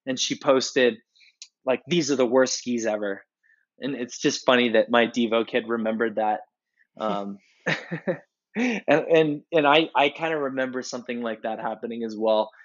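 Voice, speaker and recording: Rambling man on a lo-fi podcast. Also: medium pitch. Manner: rambling storyteller, frequent restarts. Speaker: podcast co-host. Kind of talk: casual chat.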